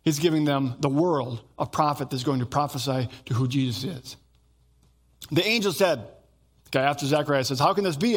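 In his sermon, a middle-aged pastor brings his stories to life by voicing the people in them. He speaks a little fast, with a voice on the higher side.

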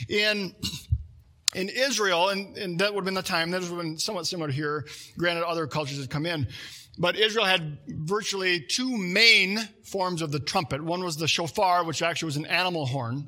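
A middle-aged pastor preaching a sermon, his voice high and bright. He talks like a conversation and turns aside to the congregation. He often stops and starts a phrase again.

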